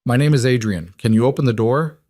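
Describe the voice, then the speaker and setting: A man voicing a cold, controlled mafia boss who speaks in low, clipped commands. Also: expressive, fast, dark tone, no echo, studio quality, natural voice. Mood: protective, firm.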